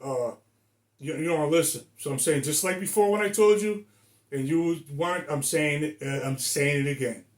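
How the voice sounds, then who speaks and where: This is a vlogger from Rhode Island, USA, a man in his sixties whose voice leans high and moves at a moderate pace. He rants bluntly and emphatically to the camera, swearing a lot, in an echoey room.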